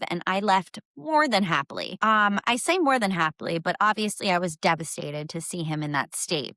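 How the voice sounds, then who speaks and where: A woman's voice: lowish voice, fairly bright tone, no echo, clean studio sound. A young adult woman hosting a podcast, telling a personal story in a candid, conversational way with casual fillers. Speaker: podcast host.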